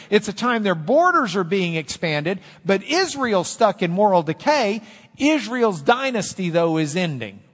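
A man preaching a sermon, animated, quoting scripture in dramatic voices. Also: a little high. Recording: long hall reverb.

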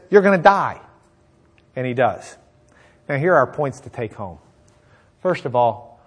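A man preaching a conversational sermon, retelling a Bible story and acting out its characters. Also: medium pitch. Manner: animated storyteller, acts out characters; conversational with fillers.

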